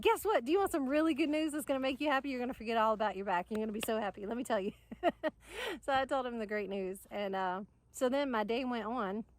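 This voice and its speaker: A woman, chatty and excitable, telling a story to camera outdoors in the sun and laughing often. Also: medium pitch. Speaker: vlogger.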